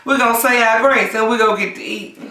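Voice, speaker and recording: Woman doing a mukbang, bright high voice, hyped and singsong, echoey room, kinda far from the mic. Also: fairly even intonation, fast. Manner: exuberant, sings and cheers, then murmurs while eating. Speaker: host of an eating vlog. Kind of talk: mukbang eating chat. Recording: echoey room, mic at a distance, faint hiss.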